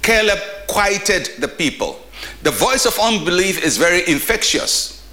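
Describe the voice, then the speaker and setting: A man preaching as a pastor in a short daily devotional sermon, emphatic, with animated rises. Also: sits high, unhurried.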